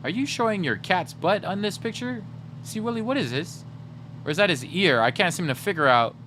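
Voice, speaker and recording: Young man, livestream host, bright voice, a bit high, joking and animated. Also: fairly quick, slight background noise. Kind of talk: casual livestream chat to viewers.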